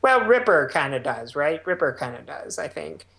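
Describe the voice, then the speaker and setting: A man's voice: fairly high pitch, sing-song, moderate pace, gravelly, sharp tone, slight background noise. A man on a podcast panel speaking tentatively in casual technical discussion.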